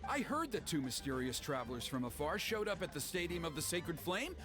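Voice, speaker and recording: An actor playing a gruff, suspicious father who is a village elder, in a video game. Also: fairly high pitch, big pitch swings, a little fast, music in the background. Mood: wary. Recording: game soundtrack clearly behind.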